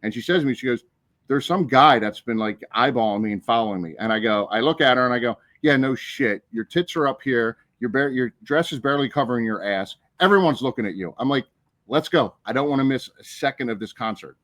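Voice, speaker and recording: Animated, profane storytelling man. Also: mid-range voice, a little fast, dry recording. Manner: animated, profane, acts out the people in his story. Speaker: podcast co-host. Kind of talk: casual storytelling chat.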